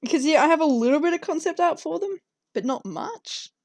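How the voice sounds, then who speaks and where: A young woman's high-pitched voice has lively intonation and a fairly quick pace, captured in a dry recording. She chats casually on stream while drawing fan art, rambling, giggling, and talking to her cats.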